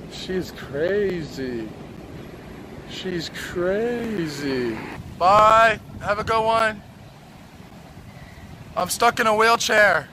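A young man livestreaming outdoors on a city street, brash and crude as he teases strangers. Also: high voice. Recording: loud street and traffic noise.

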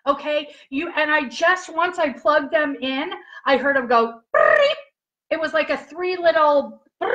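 High-voiced chatty woman livestreaming. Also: a bit bright. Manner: chatty, giggly, checks in with viewers constantly. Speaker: livestream host demonstrating skincare patches. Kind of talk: casual live product demo. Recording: dull lo-fi livestream audio.

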